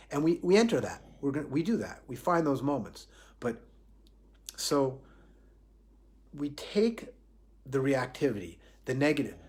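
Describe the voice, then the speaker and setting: A man's voice: medium pitch, a little mellow. A man giving a live spiritual talk on responsibility in a reflective way, often restarting phrases and asking himself questions aloud. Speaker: spiritual teacher.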